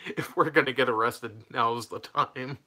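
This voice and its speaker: A man's voice: medium pitch, a little slow, bright, forceful tone. A young man telling a personal story in a casual, rambling way, laughing mid-sentence and losing his train of thought.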